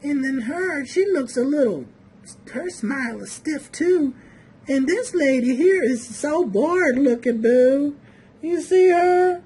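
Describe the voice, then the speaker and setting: Sassy high-voiced woman commentator. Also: animated, slow, mellow. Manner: sassy, calls viewers boo and honey. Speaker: video commentator. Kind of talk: casual mocking commentary.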